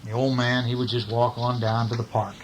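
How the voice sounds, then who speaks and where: A man's voice: mid-range voice, flat delivery, brisk, background noise. A man reading a picture book aloud at home, chatting playfully with a small child between the pages. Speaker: family member reading to a child.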